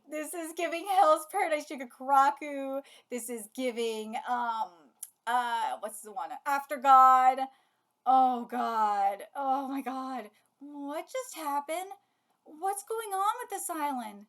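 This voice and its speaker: A woman hosting a live manga reaction, excitable and gushing, with frequent swearing. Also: sits high, slow. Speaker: channel host.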